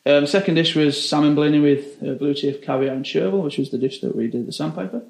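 A young British chef telling stories in a casual interview, rambling and filling every phrase with "like". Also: male voice, on the high side, fast, gravelly, darkish tone, roomy sound. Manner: rambling, says 'like' constantly.

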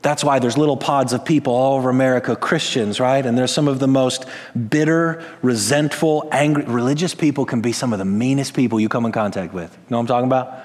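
A man preaching a sermon, swinging between raised, emphatic lines and low, quiet asides. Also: fairly even intonation, quick pace, hardly any pauses, long reverb tail. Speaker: pastor.

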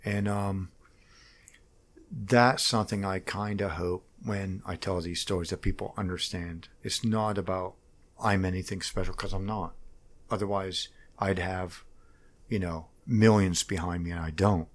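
Speaking with a low pitch and fairly even intonation, a middle-aged political candidate describes himself in a relaxed interview. He rambles and halts, often restarting his sentences.

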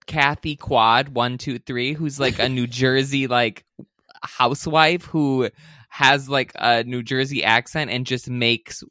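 A man's voice: medium pitch, slow pace, no echo, clean studio sound. A man co-hosting a podcast, telling rambling stories full of tangents in a casual chat. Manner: rambling, animated storytelling with tangents. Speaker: podcast co-host.

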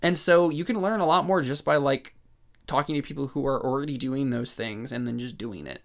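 A man's voice: mid-range voice, a little fast, creaky. A young man co-hosting a casual podcast chat, rambling and often restarting his sentences. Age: young adult. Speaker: podcast co-host.

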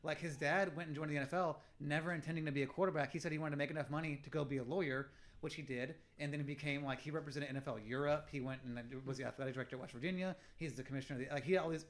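A man's voice: fairly high pitch, steady tone, racing, hardly any pauses. A man co-hosting a casual sports podcast, rambling and swearing freely as he talks football. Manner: rambling, profane, restarts often. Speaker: podcast co-host.

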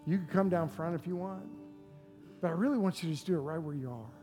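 A pastor preaching a sermon and giving an altar invitation, swinging from loud pleading to hushed, near-whispered lines. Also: mid-range voice, quick pace. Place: church sanctuary with live congregation. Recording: long hall reverb with faint music.

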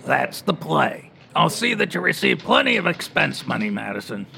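An actor playing a gruff, businesslike city editor in an old-time radio-drama style. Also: mid-range voice, very animated, moderate pace, music in the background.

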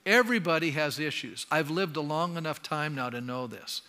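An older Canadian pastor preaches a sermon in a church sanctuary, speaking conversationally and frequently asking the congregation questions. His voice is on the high side with a sharp tone at a moderate pace, and the recording has a long hall reverb.

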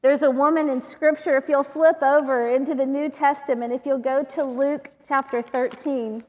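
A woman giving a sermon to women, telling a personal story in an animated way and laughing often. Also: high-pitched, normal speed, narrow, tinny audio. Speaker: women's ministry speaker. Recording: long reverb of a large hall.

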